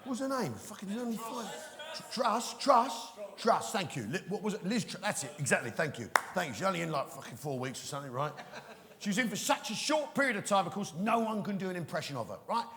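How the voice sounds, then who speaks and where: Over music, a comedian with a high-pitched voice tears through a fast, very animated, swearing rant on stage at a big theatre. He keeps checking in with the crowd by asking "right?", and the live venue echoes around him.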